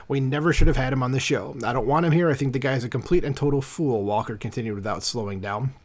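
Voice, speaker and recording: A man's voice: mid-range voice, fast talker. A man hosting a commentary channel, reading an article aloud and breaking in with casual, irritated asides full of fillers. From United States.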